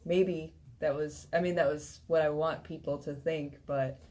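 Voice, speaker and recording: A woman who owns a shop, talking in a relaxed, hesitant way with many fillers as a guest on a radio show. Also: sits low, a little slow. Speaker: vintage shop owner, guest. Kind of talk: casual radio interview. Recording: faint ambient noise.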